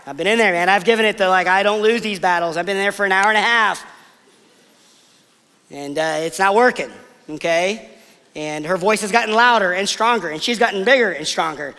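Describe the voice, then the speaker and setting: A man preaching a sermon, telling family stories in a casual, conversational way before dropping to soft, emphatic pauses. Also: sits high, clear, resonant tone, in a large hall. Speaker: pastor.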